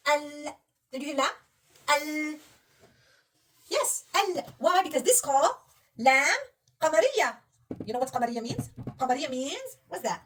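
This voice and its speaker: Patient high-voiced woman teaching reading. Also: animated, a little slow, pauses often, a bit bright, recorded from a distance. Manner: patient, coaxing, asks many questions. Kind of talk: one-on-one reading lesson.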